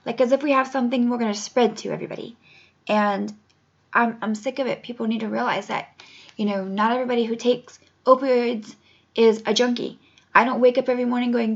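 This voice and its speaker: Earnest gravelly woman, lo-fi recording. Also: a little high, steady tone, a little fast. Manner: emotional, earnest, holding back tears. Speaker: patient advocate. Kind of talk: personal testimony to camera. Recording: dull lo-fi home recording.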